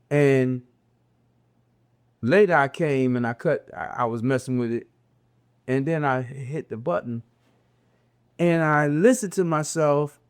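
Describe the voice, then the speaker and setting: An older man with a Southern US drawl, giving a slow, conversational religious reflection with drawn-out, repeating phrases. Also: medium pitch, clear, resonant tone. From American South, raised in a city. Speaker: religious teacher.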